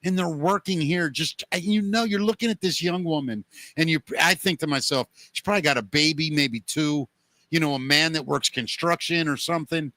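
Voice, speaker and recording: A man's voice: on the high side, fairly quick, pushed and bright, dry recording. A man hosting a podcast, telling a rambling everyday story in a casual chat, with plenty of "you know" fillers. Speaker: podcast host.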